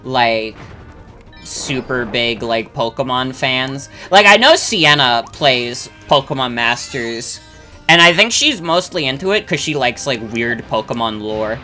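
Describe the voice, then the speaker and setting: Bright, rambling young game streamer. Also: medium pitch, expressive, a little slow, faint music behind. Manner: rambling, filler-heavy, swears freely. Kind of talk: casual chat while gaming, reading chat.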